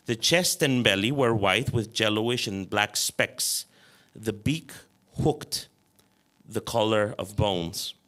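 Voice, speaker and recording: Slow-reading man. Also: fairly low pitch, a bit bright. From Chile. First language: Spanish. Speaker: author. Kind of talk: reading his own fiction aloud.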